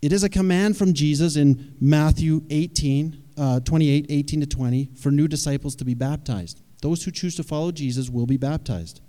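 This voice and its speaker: Guy giving a sermon, talks to the crowd like a chat, kinda high voice, long echo from the hall. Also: normal speed, hardly any pauses, dark tone. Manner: conversational, asks the audience questions. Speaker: preacher.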